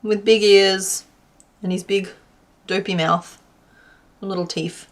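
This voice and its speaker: A woman's voice: mid-range voice, fairly even intonation, takes it slowly. An Australian woman from Western Australia chatting casually to her live-stream chat while crocheting, laughing often.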